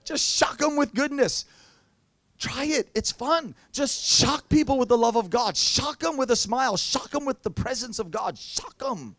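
A man's voice: extremely high pitch, lively intonation, measured pace, a bit bright, dry recording. A man preaching a sermon, telling playful stories and acting out quotes. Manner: playful storytelling with acted-out quotes.

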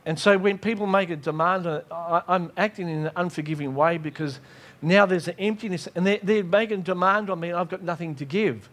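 A man preaching a sermon, acting out his own prayers and God's replies in lively dialogue. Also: sits high, fairly quick. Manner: animated, acts out dialogues with God.

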